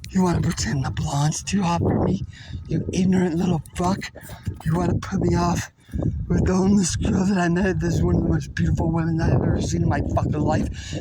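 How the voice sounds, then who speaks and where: A man delivering an aggressive, profane, threatening rant at an unseen person, rambling and swinging between shouting and muttering. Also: sits high, very noisy.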